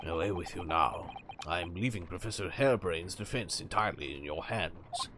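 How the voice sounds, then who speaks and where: A man's voice: low voice, normal speed, background noise, voice pushed down, natural voice. A man streaming a game, voicing a cold, aloof aristocratic lord who speaks in curt pronouncements.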